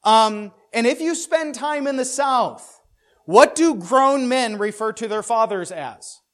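A man with a notably high voice teaches a Bible passage in a loose, talky way. He keeps checking in with his listeners and tosses in dry jokes. He often stumbles and repeats words as he works through his thoughts. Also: expressive, slow, a bit bright. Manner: keeps checking in with "right?", with joking asides.

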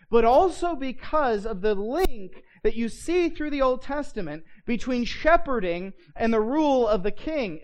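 A Bible teacher giving a conversational lesson, often checking in with listeners and reading scripture aloud with stress on key words. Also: medium pitch. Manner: checks in with listeners, asking "right?"; frequent restarts and filler words.

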